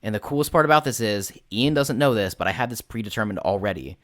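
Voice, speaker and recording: Lively low-voiced male host. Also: quick pace, no room sound, clean studio sound. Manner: animated, swears freely, voices his players' reactions. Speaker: podcast host and game master. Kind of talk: casual storytelling chat. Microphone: voice call.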